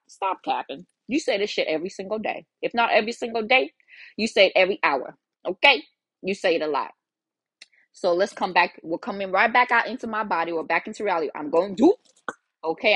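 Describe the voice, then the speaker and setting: A woman from Africa hosts a podcast, telling a personal story in a blunt, profane, animated way. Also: mid-range voice, no echo. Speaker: podcast host. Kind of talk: casual storytelling.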